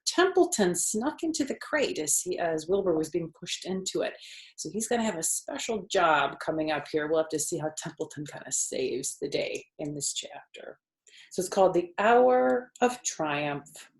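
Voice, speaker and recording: An older woman reading a children's book aloud, gently explaining words and asking questions. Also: on the low side. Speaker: storytime host, children's book reader. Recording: roomy echo.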